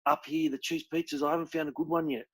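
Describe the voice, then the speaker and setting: Young aussie guy on a podcast, blunt, swears a lot, gets excited talking. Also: a little high, fast, husky, poor audio. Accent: Australian. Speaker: podcast co-host. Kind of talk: casual chat.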